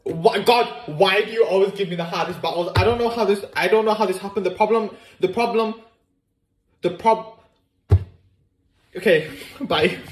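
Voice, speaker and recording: A man's voice: sits high, moderate pace, long pauses, husky, soft background music. A young man narrating his own cooking videos in a casual, playful way, cracking self-mocking jokes as he goes.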